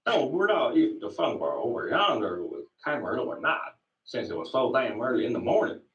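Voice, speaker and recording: A man talks in an exaggerated, comic manner, switching between two languages. His pitch swings widely, and he sounds distant in a roomy space. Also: big pitch swings, a little fast, a bit bright, lo-fi sound. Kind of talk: comic impression clip.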